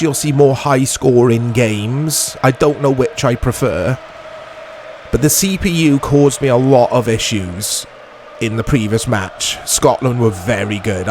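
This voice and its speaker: With slight background noise behind him, a medium-pitched male host chats and jokes through a let's play on his gaming channel, often laughing and erupting into excited commentary.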